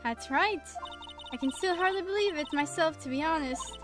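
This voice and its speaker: A woman's voice: high voice, normal speed, lightly acted. A woman reading the lines of a talkative elderly head nun from a game, stumbling over words now and then. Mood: chatty. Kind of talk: reading game dialogue aloud. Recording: game music playing under the voice.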